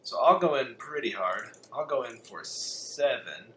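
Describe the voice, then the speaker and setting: A man's voice: medium pitch, animated, a bit bright. A man hosting a casual tabletop card game podcast, reading rules aloud and cracking jokes. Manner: jokey, reads rules aloud briskly. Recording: echoey room with faint background hiss.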